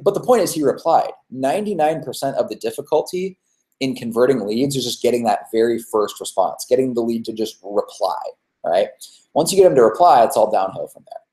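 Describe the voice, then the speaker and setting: A man's voice: medium pitch, mellow. A man giving a casual webinar talk on real estate marketing, full of fillers and "right?" tags. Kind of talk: webinar presentation. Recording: roomy echo.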